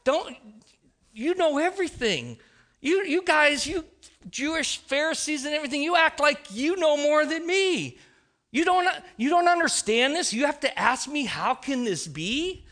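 A man's voice: very high voice, expressive, measured pace, sharp tone, voice pushed up, heavily acted. A man doing a mocking, exasperated teacher. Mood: sarcastic. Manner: mocking, incredulous. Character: exasperated sarcastic adult male teacher.

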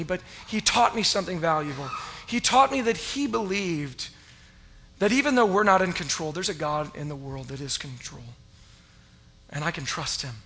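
A middle-aged pastor with a high voice preaches a sermon full of stories. He acts out his past self, letting out loud, rising cries.

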